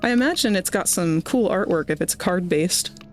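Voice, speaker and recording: A woman's voice: fairly low pitch, animated, moderate pace, soft background music. Chatty woman streamer from Maryland. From Maryland, United States. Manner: rambling, chatty storytelling with self-deprecating asides. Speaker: livestreamer. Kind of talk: casual chat while gaming.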